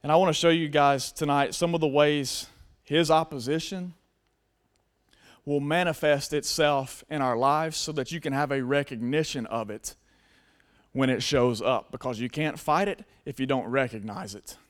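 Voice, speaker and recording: High-voiced man preaching a sermon. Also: steady tone, moderate pace. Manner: earnest, shifts from hushed to loud emphasis. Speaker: pastor.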